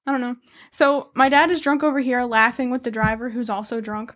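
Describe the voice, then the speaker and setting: A woman's voice: a little high, fairly even intonation, a little fast, fairly bright tone. Laughing young woman telling stories. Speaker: podcast co-host. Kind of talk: casual chat.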